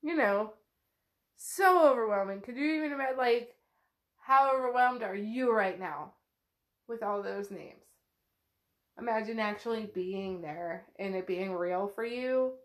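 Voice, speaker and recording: A woman's voice: medium pitch, measured pace. A woman casually retelling the chapters of a novel, chatty and loose, swearing freely and saying "like" a lot. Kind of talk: casual book recap.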